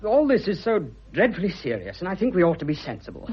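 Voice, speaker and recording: Brief: actor playing eager young suitor, husky, bluff and fervent, lively swinging pitch, dull old radio sound. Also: male voice, quick pace, exaggerated voice. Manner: bluff, fervent, stammering when moved. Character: eager young male suitor, blunt and boyish. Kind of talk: vintage radio drama acting.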